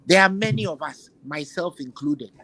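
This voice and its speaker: A man's voice: a little high, animated, moderate pace, bright, forceful tone, dry recording, low-quality recording. A man hosting a football chat, giving emphatic opinions and repeating phrases while he searches for words. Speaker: football podcast host.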